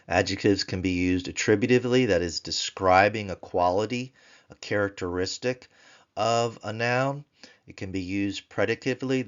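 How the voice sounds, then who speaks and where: A man teaching Biblical Hebrew grammar in a recorded lesson, explaining slowly and chanting word forms in a sing-song voice. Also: low-pitched, muffled recording. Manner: slow, deliberate explanations.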